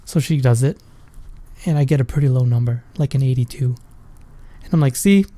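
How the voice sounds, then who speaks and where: A man's voice: mid-range voice, steady tone, a little fast, dark tone, no room sound. A man, a father, casually telling a personal story in a rambling, profane way. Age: adult with a school-age daughter. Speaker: vlogger.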